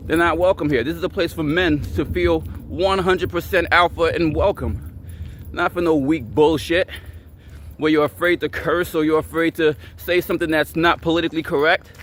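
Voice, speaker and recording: A man's voice: fairly high pitch, fairly even intonation, normal speed, a bit bright, a little hiss or hum. A man hosting his own channel, ranting angrily at the camera, swearing and repeating himself. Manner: angry, repetitive and profane. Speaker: channel host.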